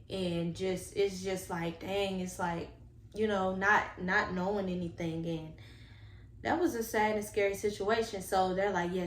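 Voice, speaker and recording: A woman tells a personal story to her viewers, earnest and animated as she talks to them directly. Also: mid-range voice. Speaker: vlogger telling a personal story. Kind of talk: casual storytime monologue. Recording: echoey room with faint background noise.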